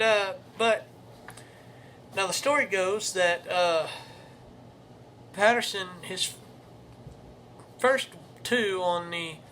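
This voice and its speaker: Hosting his own show, a young man speaks in a slightly high, somewhat bright voice, rambling and correcting himself as he chats casually and reads verse aloud. There's a little hiss or hum on the recording.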